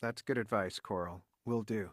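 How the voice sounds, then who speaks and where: A man's voice: on the low side, steady tone, moderate pace, no room sound, studio quality, natural voice. A man with an American accent voicing a man with a cold in a scripted textbook dialogue. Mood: polite. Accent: American English. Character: man with a cold, polite and chatty.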